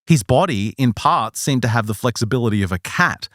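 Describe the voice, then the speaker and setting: Male podcast host, slightly sick, animated storyteller, dry close mic. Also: mid-range voice, a little fast, no echo. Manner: lively, laughs often while telling. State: a little sick. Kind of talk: casual storytelling chat.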